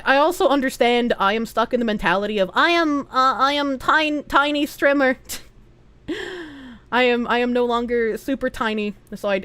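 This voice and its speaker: Giggly high-pitched woman streamer. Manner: chatty and giggly, thanks donors in bursts of high squeals. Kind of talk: casual live-stream chat, reading chat aloud.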